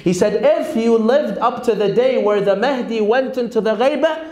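A man's voice: very high voice, normal speed, darkish tone. A man giving a sermon to a congregation, posing rhetorical questions and quoting opponents. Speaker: speaker at a religious lecture. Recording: echoey hall.

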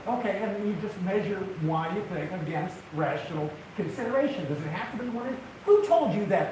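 An older man telling funny stories as a woodworking TV host to a live audience, a folksy storyteller who gets worked up. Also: high-pitched. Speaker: woodworking TV host giving a talk. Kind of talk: humorous live talk to an audience. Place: large event hall, live audience. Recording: echoey hall, distant mic, audience noise.

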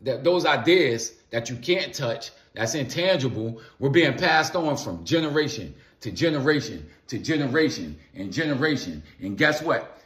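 Speaking at a moderate pace with a medium pitch, a man delivers an animated, slightly bright philosophical monologue for his vlog. Loose slang aimed at viewers and phrases repeated for emphasis mark his talk, with echo from the room.

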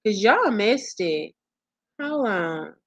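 A woman's voice: mid-range voice, big pitch swings, very slow. A woman hosting a commentary channel, reacting to a livestream clip with amused exclamations.

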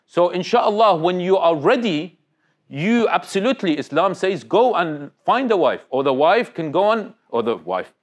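A man with a fairly high voice gives a casual, interactive religious talk. He speaks conversationally and keeps putting questions to his young audience, often restarting his sentences. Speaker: Islamic speaker.

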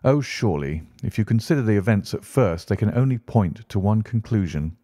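A brisk, impatient detective, read by a man, explains his reasoning in a crisp, lecturing way. The voice sits low and mellow, recorded dry and close. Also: lively intonation, no echo. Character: Sherlock Holmes, brisk, impatient male detective.

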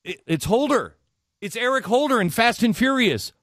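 A man's voice: extremely high pitch, big pitch swings, normal speed, fairly bright tone, dry recording, clean studio sound. A middle-aged male radio host talking politics with passion, hammering the same question again and again. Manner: impassioned, repeats questions. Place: radio studio.

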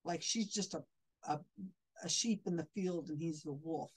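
A woman's voice: sits low, normal speed, breathy edge, poor audio. A woman commenting critically on a video clip as a skeptic, sounding indignant and often restarting her sentences.

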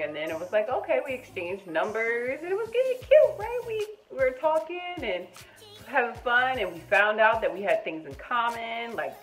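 A young adult woman tells a casual storytime in her vlog, animated and chatty. She swings between loud, high bursts and quiet muttered asides. The recording quality is low.

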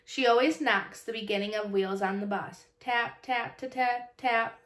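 A woman narrates a children's novel in a calm, even storybook voice that sits a little high. The reading carries a roomy echo. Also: unhurried. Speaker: audiobook narrator.

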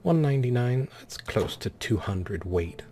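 A man's voice: medium pitch, animated, unhurried, mellow, slight background noise. A man hosting a let's play with commentary, speaking in an affected, pompous persona and calling the game characters darling and dear.

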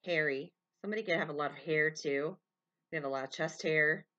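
A woman with a low, bright voice doing a collective tarot love reading for her viewers. She rambles gently and fills gaps with "um" and "you know". She calls out names and letters as they come to her. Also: brisk, dull audio. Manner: meandering, calls out names and initials as they come, frequent fillers. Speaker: tarot reader.

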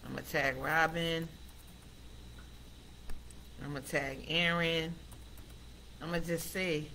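A woman hosting a casual live stream, chatty and excitable, talking straight to her viewers. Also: sits low, slow, a little hiss or hum. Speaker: host of a live affirmation stream.

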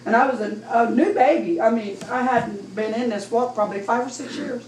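A middle-aged woman with a Midwestern American accent tells her church testimony with raw emotion, often climbing toward a shout. Her voice sits a touch high and is caught from well back in an echoey room, with faint noise under it. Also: fairly quick, distant mic. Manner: emotional, rising to near-shouting when recounting praise. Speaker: church member giving testimony. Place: church sanctuary.

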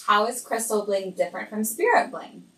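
A woman co-hosting a live stream and reading out viewer questions, giggly and animated. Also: mid-range voice, normal speed, distant mic. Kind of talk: casual live-stream chat. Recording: echoey room, off-mic.

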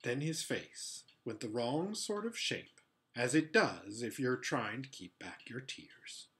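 A man narrating a children's novel aloud in an expressive, measured storytelling manner. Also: mid-range voice. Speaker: audiobook reader.

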